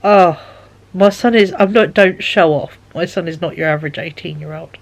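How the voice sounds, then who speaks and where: A woman's voice: fairly low pitch, moderate pace. A woman chatting casually in a vlog, rambling with many fillers and sounding tired and yawning. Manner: rambling, lots of fillers and repeated "he said". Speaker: vlogger.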